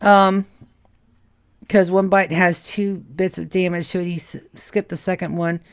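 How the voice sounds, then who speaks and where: A woman running a tabletop horror game as game master, narrating gore in a slow, drawn-out way. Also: on the low side, little pitch movement.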